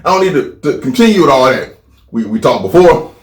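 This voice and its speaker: A man's voice: fairly high pitch, very animated, fairly quick, slight background noise. A man co-hosting a crude comedy podcast, ranting animatedly with lots of profanity and repeated phrases. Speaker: podcast co-host. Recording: echoey room.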